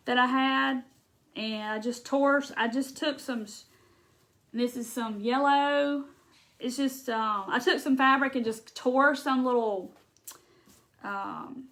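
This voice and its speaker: A woman with a Southern accent chats through a live crafting session. Her voice sits a little high, and her talk is folksy and loose, full of asides and small laughs. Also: takes it slowly, a bit bright. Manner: chatty, folksy, laughs often, thinks aloud. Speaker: craft livestream host. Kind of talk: casual chat while crafting.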